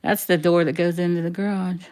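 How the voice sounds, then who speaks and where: A woman's voice: on the low side, steady tone, a little fast, darkish tone. A middle-aged woman rambling casually through old family photos, laughing often as she tells stories. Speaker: livestream host.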